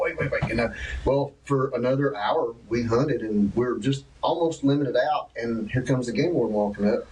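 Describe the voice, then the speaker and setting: A man telling his own hunting tales and agreeing readily with the others. His middle-pitched voice sounds a little distant from the microphone. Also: a little mellow, a little hiss or hum. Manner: agreeable, chimes in often with "yeah". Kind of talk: casual storytelling chat. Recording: distant mic.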